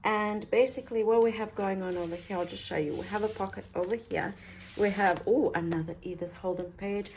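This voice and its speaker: A woman's voice: mid-range voice, fairly even intonation, a little fast, few pauses, a little mellow, a little hiss or hum. An Australian woman vlogging as she works on a handmade journal, rambling and poking fun at herself. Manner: rambling and self-deprecating, talks while working. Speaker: craft vlogger. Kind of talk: chatty crafting tutorial.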